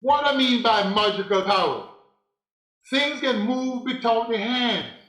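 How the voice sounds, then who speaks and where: A man with a very high voice delivers a spiritual talk at an unhurried, deliberate pace. He preaches and repeats his phrases for emphasis. The recording sounds roomy and echoey. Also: animated, fairly bright tone. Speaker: spiritual teacher. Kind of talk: preaching monologue.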